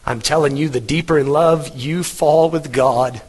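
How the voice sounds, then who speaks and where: Earnest pastor in a reverberant hall. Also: male voice, a little high, a little slow, darkish tone, breathy edge. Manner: earnest, emphatic preaching with repetition. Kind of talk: sermon. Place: church hall.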